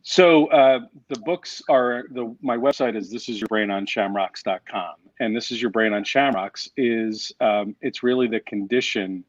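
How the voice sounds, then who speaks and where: A man's voice: mid-range voice, moderate pace, hardly any pauses, no echo. Man telling stories over a dull call line. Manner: storytelling, self-deprecating, restarts often. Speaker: guest author and coach. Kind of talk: casual interview chat.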